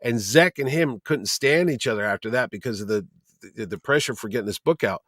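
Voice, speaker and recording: A middle-aged man, a convention producer, telling lively anecdotes as a guest and acting out the people he quotes. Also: mid-range voice, a little fast, no echo, studio quality. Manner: lively storyteller who acts out quoted people. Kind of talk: casual podcast chat, anecdotes.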